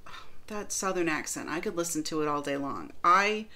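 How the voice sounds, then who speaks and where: A woman's voice: sits low, expressive, moderate pace, sharp tone. A middle-aged woman from the northern United States, chatting casually through a baking demo and product review with lots of fillers. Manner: chatty, rambling, many fillers. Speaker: baking vlogger.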